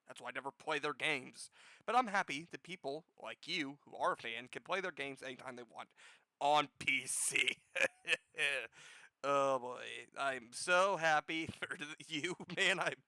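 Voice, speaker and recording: A man hosting a gaming news show with casual commentary, profane and sarcastic, jumping from loud outbursts to low muttering. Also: moderate pace, no room sound, low-quality recording.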